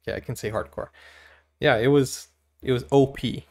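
A man's voice: medium pitch, moderate pace, vocal fry. Giggly guy reacting to movies. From Brazil. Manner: chatty, giggly, animated exclamations. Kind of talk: casual reaction commentary.

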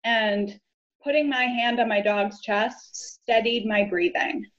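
A woman guest, a lawyer, telling her story in an earnest, low-key way during a casual interview chat. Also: fairly even intonation, slow, a bit bright. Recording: dull lo-fi audio.

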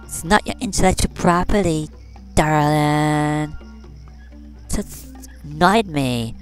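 A woman's voice: sits low, takes it slowly, faint music behind. A woman voicing a vain, catty fashion doll who talks in valley-girl slang and brags while commenting on a game. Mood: boastful. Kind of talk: comedic game commentary in character.

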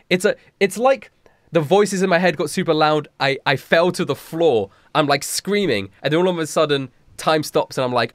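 A man's voice: on the high side, normal speed, dry recording, clean studio sound. A man reading fan fiction aloud for laughs, breaking in with sarcastic, incredulous outbursts. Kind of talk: comedic reading with commentary.

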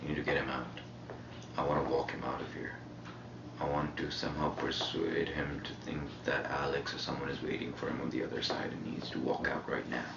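A man with an Indian English accent talks in a very deep, gravelly voice, rambling along in a relaxed, profane way. He is picked up by a fixed camera mic in a shared house. The sound is muffled and roomy, with clear noise underneath. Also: a little fast. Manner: laid-back, profane, rambling. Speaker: reality show contestant. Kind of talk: casual chat.

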